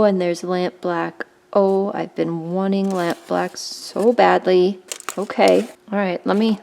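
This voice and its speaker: A woman hosting a casual unboxing vlog, gushing over gifts with constant excited exclamations. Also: medium pitch, vocal fry. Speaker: art channel host.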